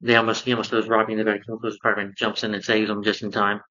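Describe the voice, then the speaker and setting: Male reviewer, lowish voice, rambling casual recap with constant fillers, dull lo-fi home recording. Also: little pitch movement, fast, pushed and bright. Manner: rambling recap full of "you know" fillers. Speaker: cartoon reviewer.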